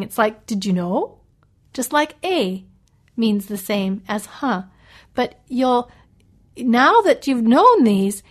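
A middle-aged Canadian woman with a Canadian accent, teaching English in a slow, careful way and reading a list aloud. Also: on the high side. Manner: slow and clearly spoken, reads a list aloud.

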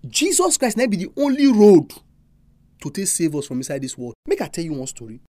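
A preacher with a Nigerian accent delivering a sermon, full of animated, emphatic rhetorical questions. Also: medium pitch, brisk, no room sound.

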